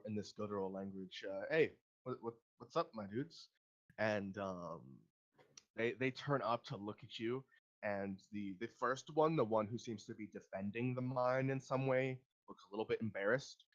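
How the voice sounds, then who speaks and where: A man's voice: fairly low pitch, muffled recording. A man narrating a tabletop game as game master, hesitant with many ums and restarts.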